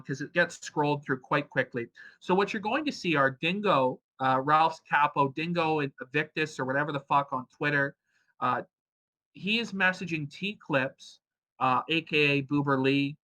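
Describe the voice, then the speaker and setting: A man's voice: a little high, pushed and bright. A man hosting a stream, giving crude, sarcastic commentary full of swearing. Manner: sarcastic, profane. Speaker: stream host.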